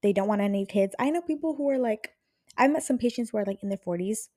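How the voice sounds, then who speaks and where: A woman's voice: fairly high pitch, lively intonation, quick pace, dark tone, no echo, clean studio sound. A young woman hosting a podcast in casual chat, rambling, frank and profane. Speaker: podcast host.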